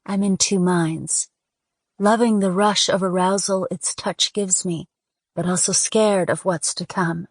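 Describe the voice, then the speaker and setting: A woman reading a first-person audiobook in a measured, intimate storytelling manner. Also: on the low side, steady tone, dry recording, studio quality. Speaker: audiobook narrator.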